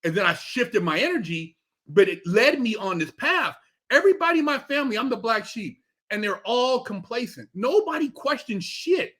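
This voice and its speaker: Middle-aged guy, really high voice for a man, swears constantly, acts out every quote. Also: normal speed. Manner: animated, emphatic, heavy swearing, acts out quotes. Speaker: podcast guest. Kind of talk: casual chat, storytelling.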